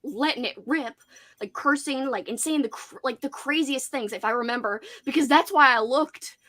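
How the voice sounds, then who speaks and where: A woman hosting a casual livestream chat, telling an animated story with "like" in nearly every sentence. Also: high voice, moderate pace. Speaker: host.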